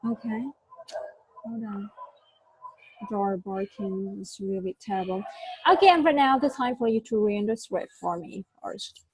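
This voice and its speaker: A woman's voice: mid-range voice, measured pace, long pauses, a little mellow, breathy edge, low-quality recording. A woman giving a one-on-one English lesson over a video call, patient, stopping to explain words and correct pronunciation. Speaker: English tutor.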